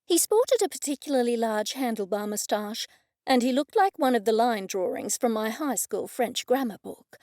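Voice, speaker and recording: A woman narrating a cozy mystery audiobook in first person, wry and even. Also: a little high, normal speed, no echo, clean studio sound.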